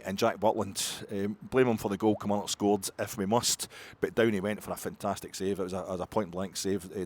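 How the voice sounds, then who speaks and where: A middle-aged Scottish man hosting a fan's post-match reaction, rambling excitably between muttered asides and loud outbursts. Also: on the low side. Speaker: football podcast host.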